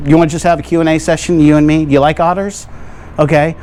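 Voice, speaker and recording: A man's voice: on the high side, little pitch movement, quick pace, a little mellow, a little hiss or hum. A man from the United States hosting a playful product review vlog from his garage, rambling with tongue-in-cheek claims and checking in with viewers. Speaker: video host reviewing coolers. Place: home garage.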